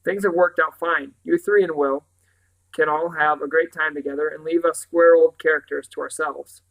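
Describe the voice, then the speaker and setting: A man's voice: a little high, fairly even intonation, moderate pace, vocal fry, a bit bright, poor audio. A jovial, round-faced middle-aged uncle in a storybook, as a man reading aloud puts him on. He speaks in a hearty, genial way.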